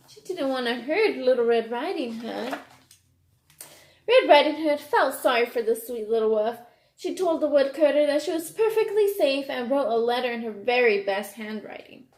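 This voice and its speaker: A high-voiced woman reads a picture book aloud at a slow, careful pace, expressive and pausing to ask her young listeners questions. Her voice bounces around an echoey room. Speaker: reader to children.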